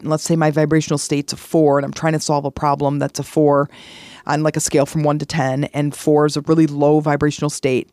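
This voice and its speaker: A woman's voice: sits low, darkish tone, no room sound. A woman podcast host and life coach giving a motivational self-help talk, earnest and encouraging, often repeating words for emphasis.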